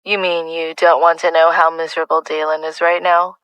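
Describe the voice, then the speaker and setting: A woman reading an audiobook, voicing a calm, prying young man who speaks evenly and coldly. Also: lowish voice, measured pace, no room sound, highs cut off. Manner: calm, even, coaxing.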